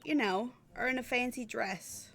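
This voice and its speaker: A woman's voice: fairly high pitch, moderate pace, creaky, a bit bright, slight background noise. A woman putting on a Cockney street-thief girl. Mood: cheeky. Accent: Cockney, badly done. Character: mean teenage girl street pickpocket.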